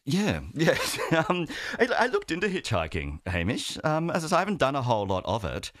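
A man, a regular travel contributor on a radio show, chatting in an animated, chuckly and loose way. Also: mid-range voice, brisk, no echo, clean studio sound. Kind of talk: casual radio chat.

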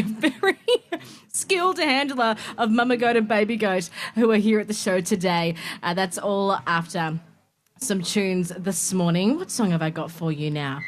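A woman hosting a live radio broadcast from an outdoor show, bubbly and quick to laugh. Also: mid-range voice. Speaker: radio host.

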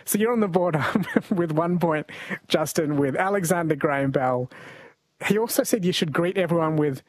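A man's voice: a little high, normal speed, no room sound. An Australian man hosting a radio quiz show, chatty and jokey, laughing often. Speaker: radio host. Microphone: studio mic.

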